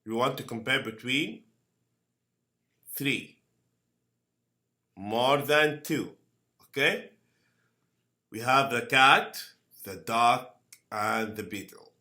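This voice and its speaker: Male grammar teacher, very slow and deliberate, bright forceful tone, repeats words, keeps checking "okay?". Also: mid-range voice. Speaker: English teacher. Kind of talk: grammar lesson.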